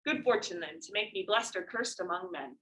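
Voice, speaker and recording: A woman's voice: medium pitch, expressive, fairly quick, sharp tone, low-quality recording. A woman reading aloud as a proud male warrior prince, in a classroom play reading. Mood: declaiming. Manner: reading verse aloud from the text.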